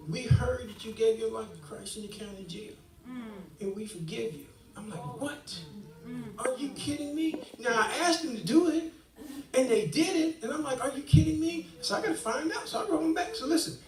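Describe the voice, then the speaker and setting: A man in his sixties giving a church testimony, an animated storyteller who acts out the dialogue he quotes. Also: very high-pitched. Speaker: guest speaker giving testimony. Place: church hall, live stream. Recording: echoey hall, distant mic.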